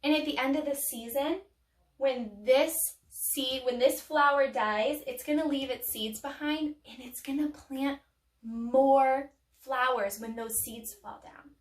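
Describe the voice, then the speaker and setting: High-voiced woman teaching young children. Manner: animated and playful, with dramatic pauses. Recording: echoey room, mic far off.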